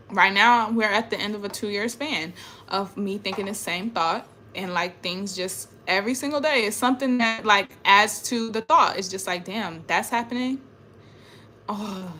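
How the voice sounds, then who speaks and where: Young woman, bright tone, rambling emotional talk, swears, faint background hiss. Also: mid-range voice. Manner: emotional, rambling, swears often, trails off quietly. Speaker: spiritual vlogger. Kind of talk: casual personal monologue.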